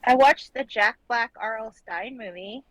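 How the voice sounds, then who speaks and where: A woman's voice: a little high, unhurried, fairly bright tone, dry recording, low-quality recording. A woman chatting casually on a live stream while she draws, telling stories and acting out her own quoted lines. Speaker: streamer co-host. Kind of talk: casual chat while making art.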